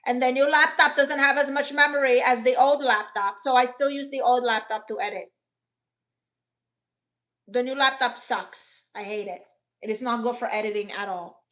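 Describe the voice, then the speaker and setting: A high-pitched woman hosts a casual live chat and answers viewer comments in a blunt, sassy way. Her tone is bright and sharp, and she sprinkles Spanish exclamations into her talk. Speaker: livestream host reading viewer comments. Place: rented apartment indoors.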